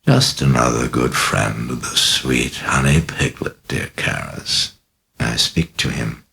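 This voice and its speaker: Man doing a demon, horror audiobook, whispered mockery, gravelly, very deep. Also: unhurried, pushed and bright, exaggerated voice. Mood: taunting. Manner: mocking, hissing whispers. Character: malevolent demon possessing a young girl.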